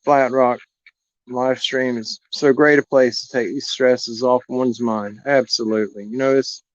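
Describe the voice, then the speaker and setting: A man's voice: medium pitch, steady tone, a little slow, dry recording. A man, telling a heartfelt personal story in a rambling, earnest way to viewers on his live stream. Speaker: animal rescue host on a live stream. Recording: dull lo-fi live stream audio.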